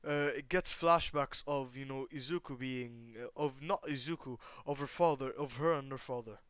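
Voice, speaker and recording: A man's voice: mid-range voice, normal speed, fairly bright tone, smooth, no room sound. A man improvising a story in a loose, rambling way, full of fillers and restarts, talking to his viewers.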